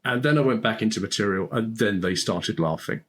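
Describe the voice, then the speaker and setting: Lively storytelling man, mid pitch. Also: fairly quick. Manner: animated, laughs often while telling stories. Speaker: podcast guest, speaking coach. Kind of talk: storytelling in conversation.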